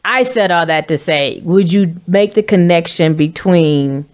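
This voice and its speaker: A woman's voice: fairly low pitch, animated, a little slow, darkish tone. A woman hosting a podcast who asks long, winding questions and encourages her guest with affirmations. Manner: encouraging, affirming with "mm-hmm" and "glory". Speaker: podcast host.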